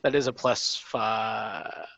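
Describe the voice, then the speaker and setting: A man running a tabletop game as game master, hesitant with many ums and quick to laugh. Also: fairly low pitch, steady tone, creaky, a bit bright, no room sound. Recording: slightly dull, dry recording.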